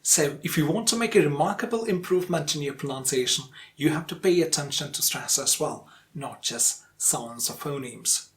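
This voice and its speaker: Male pronunciation teacher, voice a bit on the high side, deliberate and methodical, breaks words into syllables. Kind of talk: video lesson.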